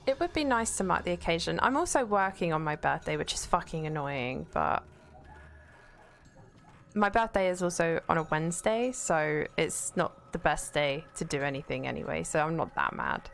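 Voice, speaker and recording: A woman's voice: low-pitched, animated, normal speed, creaky. A young woman streaming a video game, chatting casually, swearing freely and reading out her chat.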